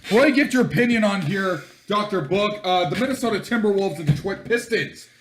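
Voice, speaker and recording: A young man hosting a casual podcast, rambling and laughing, reading sports news aloud haltingly. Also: sits high, lively intonation, roomy sound, slight background noise. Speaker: podcast host.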